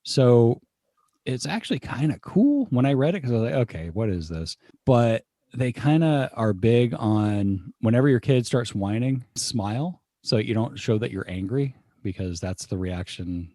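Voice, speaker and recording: A man co-hosting a casual podcast chat, calmly reading out parenting advice from an article. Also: mid-range voice, normal speed, no echo, clean studio sound. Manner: relaxed, reads out article quotes. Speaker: podcast co-host.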